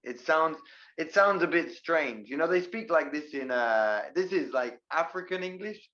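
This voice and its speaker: A man teaching English in a live online class, explaining grammar with lively examples. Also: fairly high pitch, unhurried, muffled recording.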